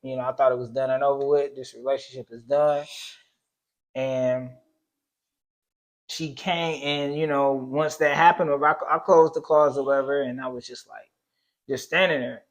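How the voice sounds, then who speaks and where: A man's voice: medium pitch, fairly even intonation, moderate pace, muffled recording. A young adult man co-hosting a casual talk, recounting a personal story earnestly with many fillers and talk of faith. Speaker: co-host.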